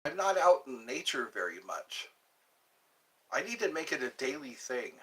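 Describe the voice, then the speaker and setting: A man's voice: mid-range voice, sing-song, normal speed, pushed and bright. A man hosting a live stream, chatting casually and rambling between musings and viewer comments.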